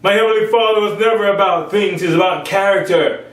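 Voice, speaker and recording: A man's voice: high-pitched, brisk. A man preaching an informal sermon, repeating phrases for emphasis and acting out other people's voices. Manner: acts out others' voices in raised tones. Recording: echoey room from far off.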